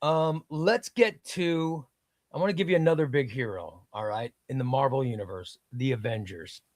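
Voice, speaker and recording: A man's voice: mid-range voice, moderate pace, darkish tone, dry recording. A man in a casual comics chat, eager and emphatic, asking lots of questions. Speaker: comics discussion panelist.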